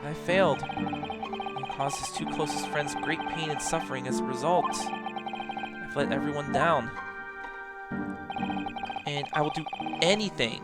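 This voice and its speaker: A woman voicing a remorseful middle-aged male police inspector, speaking gravely and apologetically. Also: low-pitched, unhurried, long pauses, loud music behind the voice.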